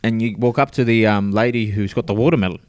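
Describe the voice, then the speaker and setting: A man's voice: lowish voice, quick pace, no echo. A man, co-hosting a podcast in casual banter, laughing often between lines. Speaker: podcast co-host.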